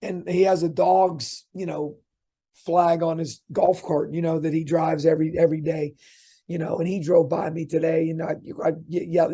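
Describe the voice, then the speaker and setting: A man's voice: on the high side, little pitch movement, normal speed, warm tone, breathy edge. A middle-aged man, a college basketball coach, telling rambling, chatty anecdotes as an interview guest, with many restarts.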